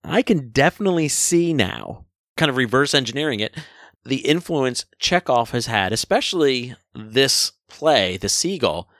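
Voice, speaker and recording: A man's voice: mid-range voice, very animated, moderate pace, a bit bright, no room sound. Chatty, enthusiastic man, dry close mic. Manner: chatty and enthusiastic, jokey asides. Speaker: film review podcast host. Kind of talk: casual chat.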